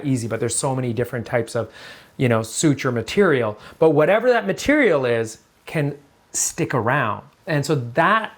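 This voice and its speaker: A man with the easy, rambling delivery of a doctor breaking down a medical topic on camera. He jokes around and drifts into side remarks, leaning on fillers as he goes. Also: medium pitch. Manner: chatty and digressive, jokes around, many fillers. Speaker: orthopedic doctor explaining a sports injury. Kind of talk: casual medical explainer talk.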